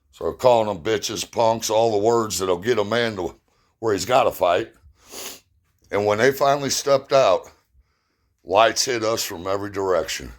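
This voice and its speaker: Blunt, plain-spoken man telling stories. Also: on the low side. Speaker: storyteller. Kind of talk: personal storytelling.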